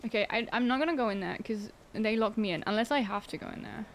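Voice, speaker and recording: A young woman with a fairly high voice talks through a game stream in a chatty, sarcastic way and giggles often. She speaks into a desk mic at home, with a faint hum of room noise behind her. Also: fast. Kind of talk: casual gameplay livestream chat.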